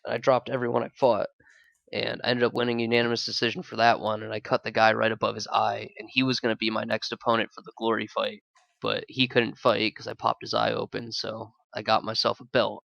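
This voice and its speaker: Gravelly, profane man telling fight stories. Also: fairly low pitch, a little fast, no echo, muffled recording. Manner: animated, profane, laughing, acts out quoted voices. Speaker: podcast co-host, amateur Muay Thai fighter. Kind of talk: casual storytelling chat.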